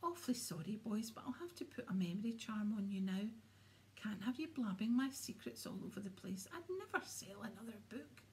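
A woman's voice: medium pitch, animated, a little fast, slight background noise, natural voice. A woman reading a pompous, vain wizard teacher. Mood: smug. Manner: pompous, condescending. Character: vain, smooth-talking male wizard teacher.

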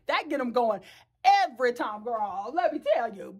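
A woman's voice: very high-pitched, huge pitch swings, moderate pace, a little hiss or hum. A woman, chatting frankly and bawdily to the camera from her bedroom, often laughing and joking. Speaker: vlogger. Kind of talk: casual chat to camera.

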